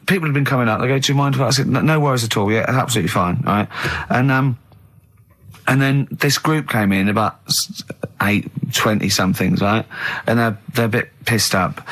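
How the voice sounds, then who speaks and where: A man, hosting a radio show with teasing, animated banter and long stories. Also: medium pitch. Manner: teasing, mocking, animated storyteller. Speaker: radio host. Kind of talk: casual studio banter. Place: radio studio.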